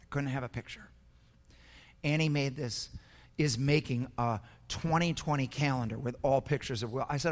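A man's voice: mid-range voice, normal speed. An older man preaching a sermon, telling a personal story in an earnest, emotional way with frequent repetitions. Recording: echoey hall.

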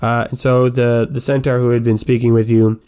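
A man's voice: mid-range voice, little pitch movement, normal speed, mellow, clear, resonant tone. Man narrating a tabletop game. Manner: casual, rambling with fillers. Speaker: game master.

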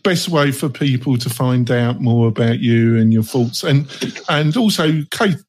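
A man's voice: medium pitch, expressive, a little slow, darkish tone. A man hosting a roundtable podcast, talking in a chatty way with many fillers. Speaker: podcast host.

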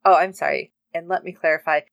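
A woman's voice: low voice, fairly even intonation, fast, creaky, no room sound, studio quality. A woman co-hosting a podcast, animatedly recapping a TV episode and acting out the characters' lines with jokey asides. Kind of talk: casual chat.

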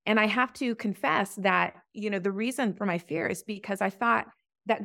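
Woman, middle-aged, gravelly voice, earnest, halting, dry sound. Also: fairly bright tone, no room sound. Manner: earnest, halting, many restarts, rises high when recalling prayers. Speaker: podcast guest. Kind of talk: testimony in an interview.

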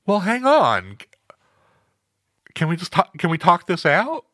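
Flustered show host, stammering, apologetic, bright voice, dry close sound. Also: male voice, sits high, wildly swooping pitch, unhurried, no room sound, heavily acted. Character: flustered male radio host caught off guard.

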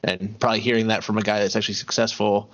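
Podcast co-host, male, lower voice, measured with dry wit, lo-fi recording. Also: level tone, a bit bright. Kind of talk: casual chat recapping a TV episode.

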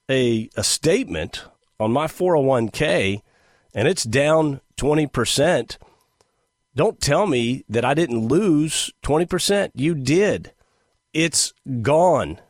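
A middle-aged man hosting a show, talking in a casual, sarcastic and animated monologue. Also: mid-range voice, dry recording, studio quality. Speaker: podcast host.

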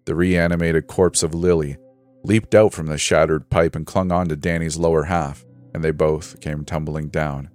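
A man reads a scripted horror story in a measured, dramatic way. His voice sits very low, and faint music runs underneath. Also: fairly even intonation, darkish tone.

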